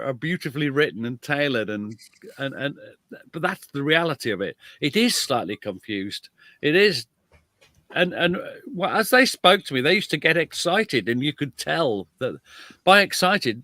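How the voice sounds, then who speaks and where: A British man, a guest author and historian, telling history in a lively conversational way with self-deprecating asides. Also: fairly high pitch, no room sound. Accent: British English. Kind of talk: animated conversational storytelling.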